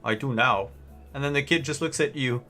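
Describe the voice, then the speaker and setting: A man's voice: medium pitch, brisk, bright, forceful tone, soft background music. A man running a tabletop role-play as game master, narrating casually and voicing the characters. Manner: casual, with fillers.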